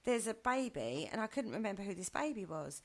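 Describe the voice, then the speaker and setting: A woman chatting in a radio studio, telling stories in a lively way and acting out what people said. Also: mid-range voice, fairly quick. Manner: chatty storyteller who acts out quotes, often laughing. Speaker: studio guest. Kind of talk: casual radio chat. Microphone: studio microphone.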